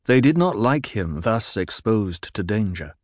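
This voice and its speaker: A man narrating an audiobook in a measured, dramatic reading. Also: fairly low pitch, big pitch swings, no room sound, studio quality.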